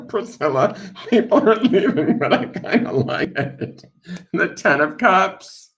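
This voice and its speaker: A man's voice: high voice, big pitch swings, slow pace, a bit bright. A man hosting a casual tarot deck unboxing stream, playful and joking as he goes. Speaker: tarot reader and channel host.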